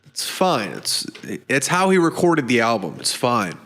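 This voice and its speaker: A man co-hosting a podcast in casual chat, trading playful deadpan quips. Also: mid-range voice, measured pace. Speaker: podcast co-host.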